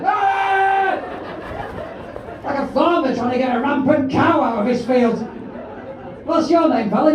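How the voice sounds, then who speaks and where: High-voiced brash comedy compere. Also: male voice. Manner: brash, teasing, sweary, shouting to the room. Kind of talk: stand-up crowd work. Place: large comedy auditorium with live audience. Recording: echoey hall, distant mic, crowd noise.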